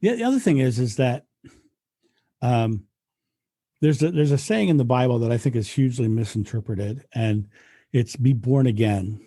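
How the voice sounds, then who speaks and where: Dark husky-voiced man telling stories. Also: medium pitch, lively intonation, moderate pace, pauses often, no room sound, studio quality. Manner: earnest, frequent restarts and repetitions. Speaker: guest speaker. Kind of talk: reflective interview storytelling.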